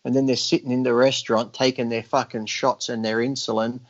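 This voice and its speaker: A man chatting on a podcast in a blunt, profane way, full of crude jokes and quick mocking voices. His voice sits in a middling range. The audio is a bit dull and lo-fi. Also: medium pitch, little pitch movement. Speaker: podcast guest. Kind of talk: casual podcast chat.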